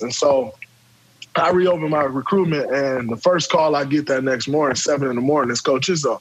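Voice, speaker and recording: A man from Michigan, a guest on a podcast, telling a story in an animated, profane way and acting out the quotes. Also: medium pitch, normal speed, slightly rough, rough recording. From Michigan, USA. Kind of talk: casual podcast chat.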